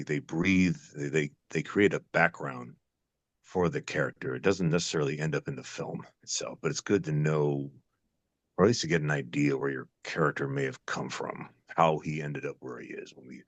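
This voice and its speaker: A man's voice: very deep voice, a bit bright, breathy edge, dry recording. An older man, an actor guest, musing in a casual interview, rambling with many fillers and restarts.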